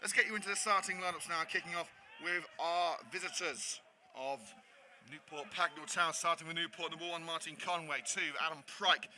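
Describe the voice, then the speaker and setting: A man giving live commentary on a football match, hurried and out of breath while he juggles several jobs. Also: on the high side, steady tone, bright, forceful tone. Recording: noisy stadium ambience.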